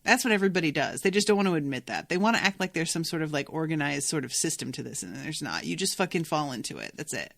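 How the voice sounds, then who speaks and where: A woman's voice: sits low, expressive, quick pace, creaky, few pauses, fairly bright tone, no room sound. A young adult woman hosting a casual book-discussion podcast, talking in a chatty way and swearing freely. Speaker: podcast host.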